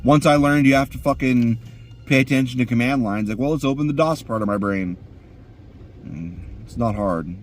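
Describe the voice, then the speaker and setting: A man's voice: mid-range voice, moderate pace, a little hiss or hum. A man ranting crudely and profanely while sitting in his car. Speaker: vlogger.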